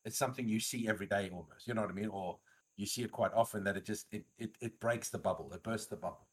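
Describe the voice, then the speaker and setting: A man's voice: on the low side, fast talker, slightly rough. A man co-hosting a podcast, talking earnestly in casual chat and rambling through restarts. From Australia. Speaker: podcast co-host.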